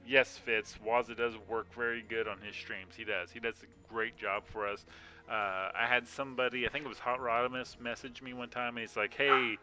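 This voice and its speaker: Over soft background music, a man talks in a mid-range, level, sharp voice at a moderate pace. He's streaming a mobile game from a room at home, casually chatting with his audience in a rambling way, with frequent yawns and filler words.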